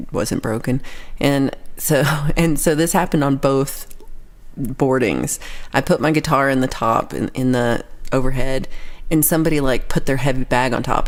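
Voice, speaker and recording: A young woman hosting a casual livestream chat, telling a story with lively quoted voices and laughs. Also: very deep voice. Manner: animated storytelling, acting out quoted people, frequent laughs. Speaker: livestream host.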